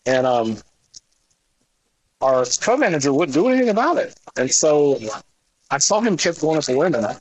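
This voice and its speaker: A man's voice: on the high side, very animated, normal speed, pauses often, darkish tone, dull audio, a little hiss or hum. A man chatting casually with a coworker, blunt, profane and exasperated. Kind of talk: casual chat.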